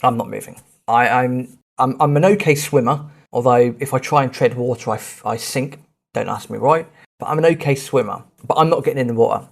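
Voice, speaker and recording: A man, hosting a podcast and telling a travel story in a lively, self-mocking, casual way. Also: medium pitch, a little fast, vocal fry. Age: 30s. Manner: animated, self-mocking anecdote telling with swearing. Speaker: podcast host.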